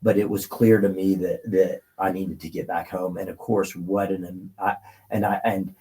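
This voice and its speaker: Husky-voiced man telling an emotional story. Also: low-pitched, level tone, moderate pace, warm tone, low-quality recording. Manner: rambling, filler-heavy, emotional. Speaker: guest.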